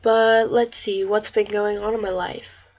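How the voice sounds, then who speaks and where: A woman's voice: mid-range voice, unhurried. Rambling teenage girl vlogging, lo-fi sound. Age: teens. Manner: excitable, rambling, swears when worked up. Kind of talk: casual vlog chat. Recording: slightly dull lo-fi webcam audio.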